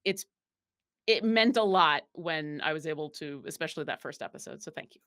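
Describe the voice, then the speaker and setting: In a casual interview, a Buffalo, New York woman appearing as a guest player talks a little fast in a low-pitched, fairly bright voice. She rambles with many fillers and restarts, laughing easily along the way.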